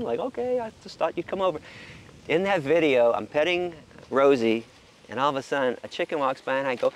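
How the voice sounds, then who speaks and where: A vegan animal rights advocate talks passionately about animal sanctuaries in a casual monologue, his medium-pitched voice set against slight background noise. He stammers into restarts and swears now and then.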